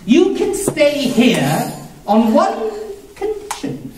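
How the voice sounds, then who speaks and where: A menacing king, played by a man, drawls slowly with a sinister edge. His words come from a distance, ringing off the cave walls, with faint noise behind. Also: very high voice, wildly swooping pitch, pitched above the performer's own voice, heavily acted. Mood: sly. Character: menacing male king, sly and cruel. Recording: echoey cave, voice from afar.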